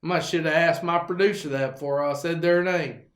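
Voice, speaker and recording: A man's voice: fairly high pitch, steady tone, brisk, roomy sound. A man, hosting his own show and telling a rambling, folksy story full of fillers and restarts. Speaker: show host. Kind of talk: casual storytelling monologue.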